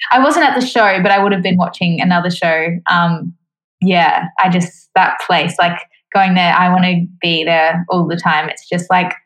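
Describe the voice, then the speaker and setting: A woman's voice: on the low side, moderate pace, a bit bright, rough recording. A young adult woman, a musical theatre performer, talking casually as a guest in an interview, chatty with lots of fillers.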